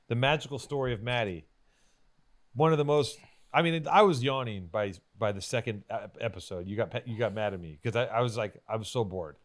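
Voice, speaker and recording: Mid-pitched man explaining things at length. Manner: explaining at length, laughs often. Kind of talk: casual banter.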